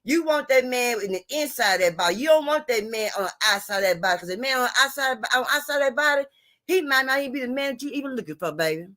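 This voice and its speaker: A woman's voice: high-pitched, lively intonation, sharp tone. Preachy, blunt woman lecturing her viewers. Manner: preachy, repeats "you hear me?" and "you see what I'm saying?"; blunt and salty, drawn-out emphasis. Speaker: vlogger giving relationship advice. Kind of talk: emphatic advice rant to viewers.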